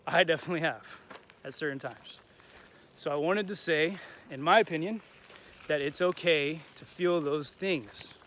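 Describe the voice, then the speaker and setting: A man's voice: a little high, normal speed, a bit bright, a little hiss or hum. A young man hosting a casual motivational vlog outdoors while walking through a neighborhood, upbeat and encouraging, tossing in Spanish phrases. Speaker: vlog host.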